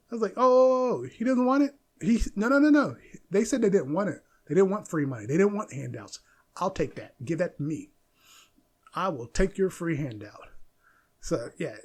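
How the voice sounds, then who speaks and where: A man from the United States hosts a solo podcast, his voice on the high side and husky. He talks casually, rambling and opinionated, and laughs often.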